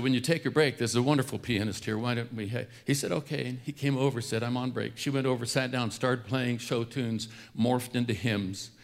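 Older male storyteller, mid-pitched, humorous, plays out the voices he quotes. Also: creaky. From California. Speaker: speaker. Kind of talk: storytelling talk.

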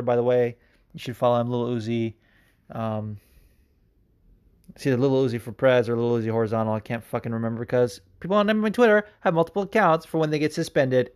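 A man's voice: mid-range voice, darkish tone. A man hosting a podcast, answering listener questions in a rambling, profane, enthusiastic way. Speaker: podcast host. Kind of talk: casual chat.

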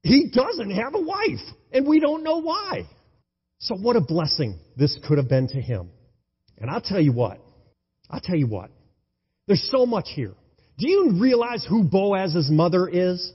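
A male pastor preaching an enthusiastic sermon, swinging between loud exclamations and hushed tones. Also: high voice, sing-song, measured pace, breathy edge. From United States. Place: church sanctuary. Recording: dull, lo-fi sound in a reverberant hall.

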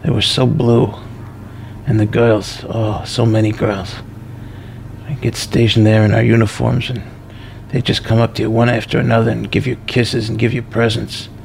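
A man's voice: medium pitch, little pitch movement, moderate pace, gravelly, a little mellow, a little hiss or hum, lightly acted. A man voicing a forgetful, nostalgic man in his nineties who rambles through the same old stories. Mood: fond reminiscing.

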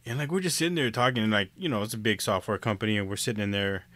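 A man chatting casually and easygoing, swearing freely and chiming in with quick replies. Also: lowish voice, a bit bright. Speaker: software company worker working from home. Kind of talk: casual chat.

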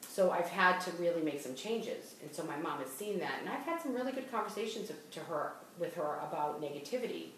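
A woman's voice: lowish voice, animated, fairly quick, hardly any pauses, a bit bright, a little hiss or hum. A middle-aged woman with a Boston accent, hosting a casual podcast chat. She talks in a chatty way, restarts her sentences often and laughs as she talks. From Boston area. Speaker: host. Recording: echoey room, voice far from mic.

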